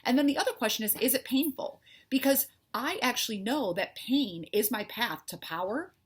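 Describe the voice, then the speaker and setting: A woman's voice: a little high, animated, normal speed, slightly rough. A middle-aged woman coach talking candidly to her followers, heartfelt and conversational, with a faith-filled manner. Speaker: life coach. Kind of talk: candid personal talk to followers.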